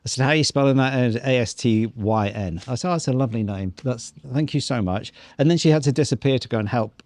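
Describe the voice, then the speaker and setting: A man tells a story to his co-host in a relaxed vlog chat. He slips into other people's voices as he quotes them and lets the odd swear word drop. The sound is dry and close. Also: medium pitch, fast talker, dry recording. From New Zealand. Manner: animated storyteller acting out quotes; swears casually.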